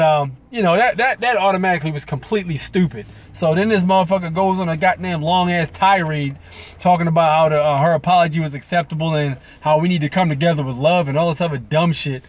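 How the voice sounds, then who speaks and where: A man venting in a profane, rambling commentary to his viewers. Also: on the high side. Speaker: video blogger. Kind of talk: ranting commentary to camera.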